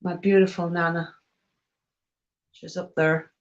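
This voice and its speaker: A woman's voice: lowish voice, little pitch movement, slow pace, highs cut off. A woman chatting casually on a live stream, reading out and answering viewers' questions. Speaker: fibre craft live-streamer.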